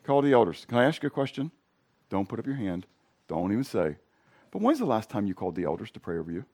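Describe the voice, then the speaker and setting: A middle-aged male pastor with a hoarse voice, preaching in a casual, conversational way and questioning his congregation. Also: fairly low pitch, very animated, fast talker, darkish tone. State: hoarse from sinus drainage. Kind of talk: sermon.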